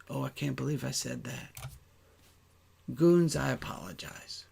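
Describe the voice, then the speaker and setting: A man's voice: mid-range voice, unhurried, vocal fry, pauses often, a little mellow, breathy edge. A man, a rabbi, talking casually on a livestream, earnest and emotional, thinking aloud as he points out places on a map and sometimes swearing.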